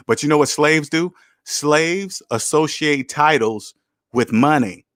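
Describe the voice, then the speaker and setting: A man's voice: a little high, takes it slowly, fairly bright tone, no room sound. A man hosting a casual livestream, reading viewer comments aloud and answering them with emphatic rhetorical questions. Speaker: channel host reading chat comments. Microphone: camera mic.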